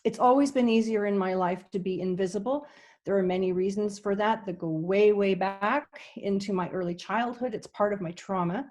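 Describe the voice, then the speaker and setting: A woman's voice: medium pitch, moderate pace, a little mellow. Woman, from canada, online conference presenter, earnest, hesitant, restarts sentences. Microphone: video call.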